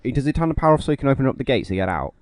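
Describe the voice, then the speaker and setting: A man's voice: medium pitch, very animated, racing, darkish tone, no echo. A man co-hosting a casual podcast, easygoing and full of questions. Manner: easygoing, questioning, laughs easily. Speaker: podcast co-host.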